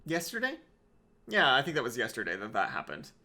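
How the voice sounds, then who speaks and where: A man telling a comedic story in an animated, digressive and sardonic way. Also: medium pitch, fairly quick. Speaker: podcast comedian.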